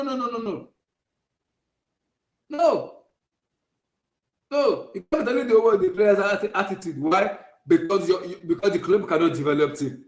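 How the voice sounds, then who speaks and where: A man's voice: high-pitched, reverberant, low-quality recording. A man hosting a podcast, ranting heatedly and repeating himself. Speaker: podcast host. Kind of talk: heated football rant.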